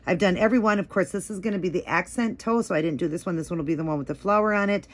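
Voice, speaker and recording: A woman's voice: lowish voice, very fast. A woman giving a casual, rambling tutorial on nail art at home, with lots of fillers as she works. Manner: chatty, rambling, many "like" and "um" fillers.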